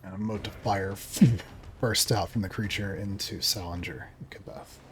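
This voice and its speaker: A man's voice: low voice, steady tone, noisy background. A man narrating and explaining rules as game master of a tabletop game. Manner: deliberate, explains rules with pauses.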